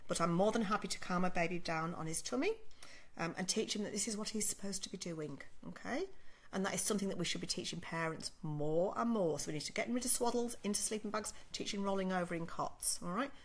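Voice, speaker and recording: A middle-aged woman talks parents through baby sleep routines in a direct, instructive way. She keeps checking in with a quick "okay?" as she goes. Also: on the low side. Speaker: sleep consultant. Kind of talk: advice Q&A talk to parents.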